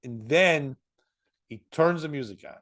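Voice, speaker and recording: Animated man telling a story. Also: fairly high pitch, a little slow. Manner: animated, laughs through his story, acts out other people's lines; swears freely. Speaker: comedian and podcast host. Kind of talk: casual storytelling chat.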